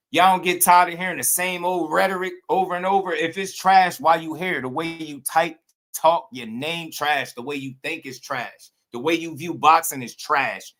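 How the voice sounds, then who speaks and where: A man's voice: a little high, pushed and bright. A man hosting a boxing livestream, ranting at a viewer in the chat in a heated, mocking and repetitive way. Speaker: boxing streamer host.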